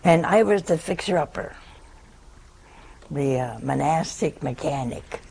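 Older woman, nun, slow-paced, gravelly, folksy humorous storytelling. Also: low-pitched, expressive, a little mellow. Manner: humorous, folksy anecdote with laughs. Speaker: nun giving a talk. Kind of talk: storytelling talk to an audience.

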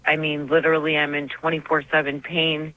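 A woman's voice: low-pitched, little pitch movement, a little fast, no echo. A woman calling in to a radio show, talking in an earnest, heartfelt and rambling way. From Arizona. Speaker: caller. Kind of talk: call-in radio chat. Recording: dull phone-line call.

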